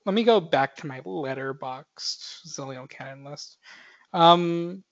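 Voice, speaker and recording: A young man chats casually on a movie podcast, rambling through one thought after another with many fillers. His voice sits a little high, and the sound is muffled and lo-fi. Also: takes it slowly. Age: young adult. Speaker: podcast co-host. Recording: muffled lo-fi audio.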